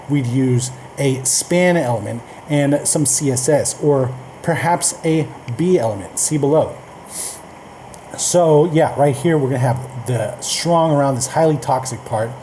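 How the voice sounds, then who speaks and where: Chatty man with a mellow voice. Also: mid-range voice, a little hiss or hum. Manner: loose and chatty, reads docs aloud with asides and filler. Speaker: coding tutorial host. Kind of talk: casual screen-recorded coding lesson.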